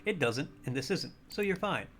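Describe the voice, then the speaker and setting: A man voicing a sweet-voiced, evasive woman librarian in a video game, talking softly and primly. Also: fairly high pitch, expressive, moderate pace, soft background music. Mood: sweetly evasive. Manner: soft, prim, sugary and guarded.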